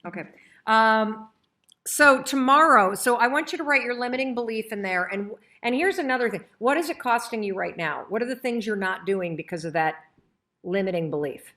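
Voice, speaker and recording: A middle-aged woman hosting a motivational training session, talking in an energetic, chatty and emphatic way. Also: fairly high pitch, moderate pace. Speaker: host and coach.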